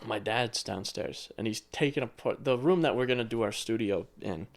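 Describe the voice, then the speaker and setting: A man's voice: on the low side, moderate pace, creaky. A man in his twenties co-hosting a podcast, rambling through a story in casual chat and swearing now and then. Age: 20s. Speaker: podcast co-host.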